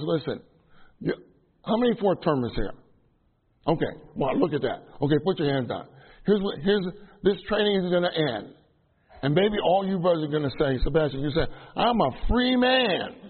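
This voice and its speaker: Husky man giving a chatty sermon. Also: fairly high pitch. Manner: chatty, self-deprecating, many fillers and restarts. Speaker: minister teaching trainees. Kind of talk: casual sermon to a live audience. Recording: tinny phone-like sound.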